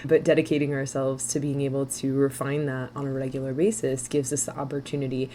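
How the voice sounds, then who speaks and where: A woman mindset coach as a podcast guest, talking fast and animatedly and laughing often. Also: a bass voice, flat delivery, mellow, a little hiss or hum. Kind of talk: podcast interview.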